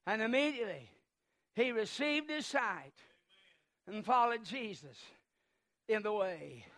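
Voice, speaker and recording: A man preaching a sermon, impassioned and swelling into shouts. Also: high voice, lively intonation, unhurried.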